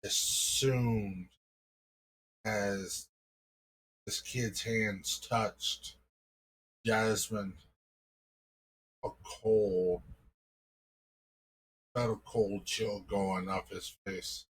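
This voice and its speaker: Man, improvised storyteller, slow and husky, rambling casual telling. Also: fairly low pitch, fairly even intonation, a bit bright, low-quality recording.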